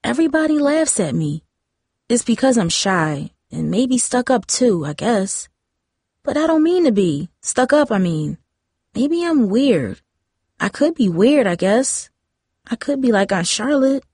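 A woman's voice: fairly high pitch, sing-song, measured pace, slightly rough, no echo, clean studio sound, voice pushed up, heavily acted. Woman doing a shy, lonely young girl. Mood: sad, unsure. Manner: hesitant, soft and self-doubting.

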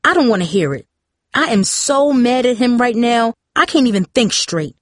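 A woman's voice: mid-range voice, lively intonation, measured pace, no echo. A woman voicing a stern, exhausted pregnant mother who talks curtly and snaps, read in a dry, close audiobook recording. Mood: angry. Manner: curt, snapping, firm. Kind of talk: audiobook character reading.

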